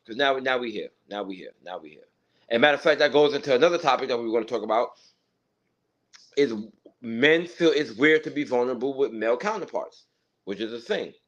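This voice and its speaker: Male host, insistent debater, restarts a lot, mid pitch. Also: a bit bright, lo-fi sound. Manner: insistent, repeats words while arguing. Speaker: podcast host. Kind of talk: casual debate.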